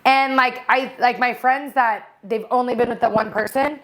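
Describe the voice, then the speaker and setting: Woman podcast co-host, fairly high voice, candid, chatty. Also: fairly even intonation, normal speed, a bit bright. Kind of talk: casual chat.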